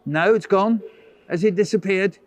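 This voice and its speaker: A man with a high-sitting voice and moderate pace tells playful stories to children during a school workshop held over video call. He teases them theatrically, putting on a mock-huffy act.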